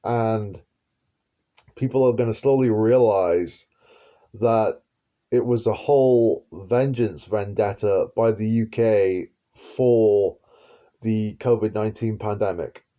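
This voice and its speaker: A man's voice: lowish voice, slow, lo-fi sound. A man giving a rambling prophetic monologue as an online preacher, repeating himself and chuckling with half-sarcastic asides.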